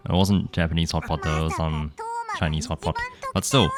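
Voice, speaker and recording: A young man with a slightly hoarse, croaky voice, casually commenting on his gameplay with rambling asides and playful swearing. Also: a bass voice, steady tone, a little fast. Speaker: gaming YouTuber.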